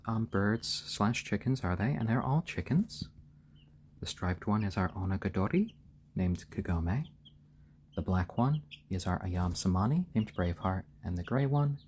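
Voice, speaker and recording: A man hosting a casual live stream, gently soothing and hushing his baby chicks and thanking viewers. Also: lowish voice, slight background noise. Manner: reads out viewer names and thanks them.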